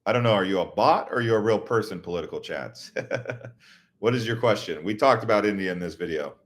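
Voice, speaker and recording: A man's voice: on the low side, lively intonation, quick pace. A man from the United States hosting a casual live stream, answering viewer questions and telling rambling travel stories with frequent restarts. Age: adult, Navy veteran.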